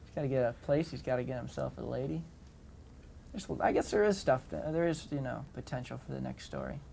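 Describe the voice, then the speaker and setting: A man tells a rambling, friendly story in a quick, gravelly voice. He keeps throwing in you-knows. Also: medium pitch, warm tone, a little hiss or hum. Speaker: actor guest. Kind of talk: casual interview anecdotes.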